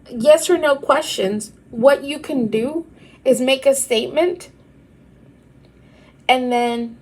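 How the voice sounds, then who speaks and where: A woman teacher giving a recorded grammar lecture, explaining patiently and repeating examples slowly. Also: on the high side, low-quality recording. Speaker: Spanish teacher.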